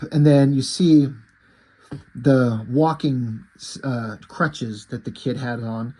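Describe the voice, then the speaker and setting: A man's voice: mid-range voice, slow, warm tone, slightly rough. A man casually reviewing a comic book, rambling and correcting himself, with the odd swear word.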